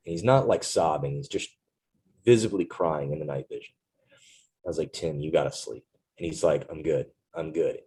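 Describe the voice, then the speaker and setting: A man's voice: sits low, dark tone, slightly rough, poor audio. A man, a Marine veteran recounting a story earnestly in an interview, often tagging lines with "right?". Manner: earnest, reflective, with frequent "right?" tags.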